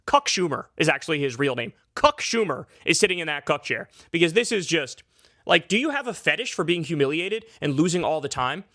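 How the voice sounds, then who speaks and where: A man's voice: on the high side, very animated, fairly quick, bright, forceful tone, no echo, studio quality. A man delivering a heated, profane, sarcastic political commentary rant, full of filler likes. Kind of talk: ranting political commentary vlog.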